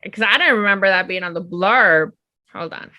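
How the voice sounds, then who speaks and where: A woman co-hosting a book podcast, retelling her reactions in an animated way with lots of "like". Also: medium pitch, normal speed, no echo, lo-fi sound. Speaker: podcast co-host. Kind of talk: casual book review chat.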